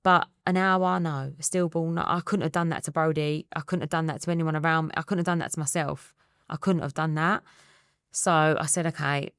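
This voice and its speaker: A woman in her thirties with an Essex accent, a guest telling her story in a candid interview, quick and acting out the dialogue. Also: low voice, steady tone, a bit bright, smooth, no echo, studio quality. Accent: Essex English. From England. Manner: rapid storytelling that re-enacts dialogue.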